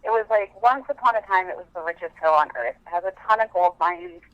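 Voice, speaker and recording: A woman's voice: mid-range voice, animated, fast talker, dry recording. Chatty woman calling in by phone. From Montana, USA. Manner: chatty, rambling with many fillers. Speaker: caller. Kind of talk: casual phone-in storytelling. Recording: dull phone-line audio.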